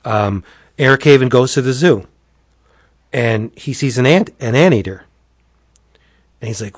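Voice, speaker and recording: A man's voice: mid-range voice, measured pace, pauses often, no echo, studio quality. A man chatting casually as a podcast host, eagerly retelling a comic story with swearing and energy. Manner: animated, enthusiastic, profane storyteller.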